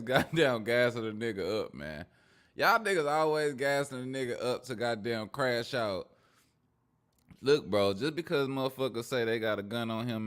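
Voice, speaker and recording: Profane, slangy male commentator. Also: on the low side. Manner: profane, slangy, laughing rants. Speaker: streamer and commentator. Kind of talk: casual reaction commentary.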